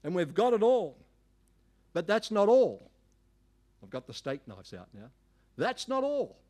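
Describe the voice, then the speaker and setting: Animated preacher, fairly high voice. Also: male voice, measured pace. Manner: animated, emphatic preacher with folksy asides. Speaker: pastor. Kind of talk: sermon.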